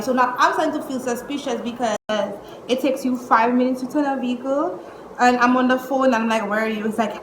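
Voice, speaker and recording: A young woman, telling a storytime vlog at home in an exasperated, animated way, cursing and using slang. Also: high voice, fairly quick. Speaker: vlogger. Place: indoors at home. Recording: echoey room with faint noise.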